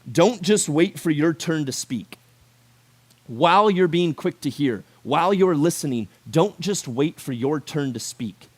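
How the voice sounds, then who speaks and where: Animated, chatty male youth pastor. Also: fairly high pitch. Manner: animated, conversational, full of "like" and rhetorical questions. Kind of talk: casual youth sermon.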